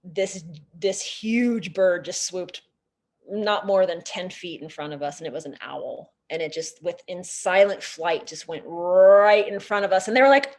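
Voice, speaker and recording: A woman nature educator giving a storytelling lecture, animated and chatty with lots of casual fillers. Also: medium pitch, moderate pace.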